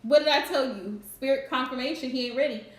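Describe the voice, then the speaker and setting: A woman's voice: high-pitched, fast, roomy sound. A woman giving a casual live-streamed tarot reading, blunt and emphatic, chatting with her viewers. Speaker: tarot card reader. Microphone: streaming setup.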